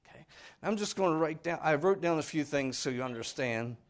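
A man's voice: on the high side, animated, a little fast. Earnest folksy preacher man. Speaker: pastor. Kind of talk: sermon.

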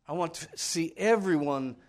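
A man's voice: a little high, animated, measured pace. A man preaching a sermon in a folksy, earnest, pleading way, speaking plainly to his congregation. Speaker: pastor.

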